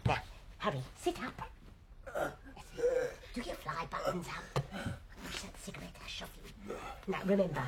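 An actress playing a tough, worn-down middle-aged housewife who talks bluntly and plainly about hard times. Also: female voice, lowish voice, sing-song, normal speed, background noise. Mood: fussing. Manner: blunt, matter-of-fact, worn down. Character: tough weary working-class London housewife. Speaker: wife and host of old friends. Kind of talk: stage drama dialogue.

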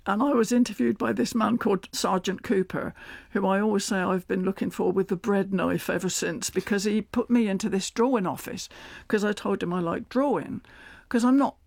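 Older west country guy, gravelly voice, dry close sound, chuckles a lot telling stories. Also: high voice, steady tone, moderate pace, few pauses, darkish tone, no room sound. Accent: West Country English. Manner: chatty, laughs often while telling stories. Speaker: guest. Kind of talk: radio interview.

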